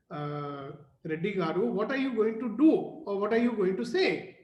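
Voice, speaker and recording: A man's voice: sits high, reverberant. A man hosting a morning group video call, coaxing people with questions and laughing often. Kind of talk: motivational group talk on a call.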